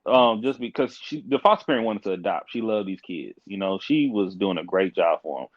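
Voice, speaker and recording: A young man in his twenties, a podcast guest, telling a story in a frank, emphatic way with quick restarts. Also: fairly low pitch, expressive, dry recording, highs cut off. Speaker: podcast guest, court caseworker. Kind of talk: animated casual storytelling.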